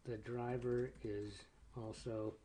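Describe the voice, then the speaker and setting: A man's voice: mid-range voice, little pitch movement, slow, warm tone, a little hiss or hum. A man playing a text adventure game, thinking aloud in a casual way as he reads the story text out. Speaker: player reading the game aloud. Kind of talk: casual gameplay commentary.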